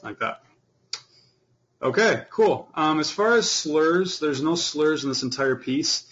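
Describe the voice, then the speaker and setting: A man teaching an online beginner fiddle class, explaining in a relaxed way with lots of fillers. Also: fairly high pitch, takes it slowly, muffled recording, loud music behind the voice.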